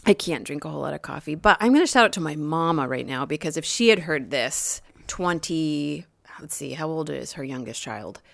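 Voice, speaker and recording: A woman in her forties chatting on a podcast with friends, relaxed and wry. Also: deep voice, a little fast, gravelly, no room sound, clean studio sound. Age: 40s. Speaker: podcast co-host. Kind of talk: casual chat.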